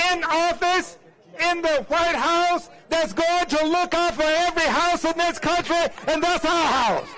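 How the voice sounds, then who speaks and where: A man's voice: very high voice, pushed and bright, rough recording. A lawmaker giving a fiery, impassioned rally speech, repeating a refrain and drawing out his emphatic words. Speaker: lawmaker speaking at a public rally.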